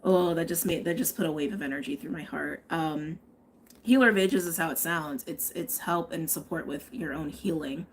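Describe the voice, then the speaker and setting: The tarot reader here has a deep, husky voice and talks at normal speed. She's doing a live tarot and astrology reading, thinking aloud in a chatty way and regularly asking "okay?".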